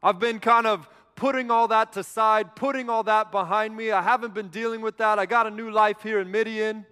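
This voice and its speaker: A man's voice: on the high side, expressive, measured pace, a bit bright, smooth, long reverb tail. A man voicing a reluctant, whiny shepherd who pleads to be left alone.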